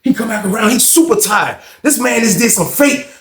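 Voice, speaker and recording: A man's voice: extremely high pitch, animated, a little fast. A man telling a story in a loose, slangy way, swearing freely as he goes. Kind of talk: casual storytime. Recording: roomy echo.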